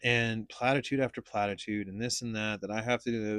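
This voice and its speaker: A man's voice: fairly low pitch, brisk, no room sound, clean studio sound. A man hosting a casual podcast chat, telling stories in a blunt, profane, rambling way. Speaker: podcast host.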